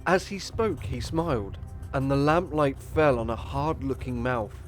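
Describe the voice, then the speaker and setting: A man playing a young Victorian traveller, narrating an audio drama in an earnest, measured storytelling manner. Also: mid-range voice, soft background music, close to an everyday voice. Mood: tense.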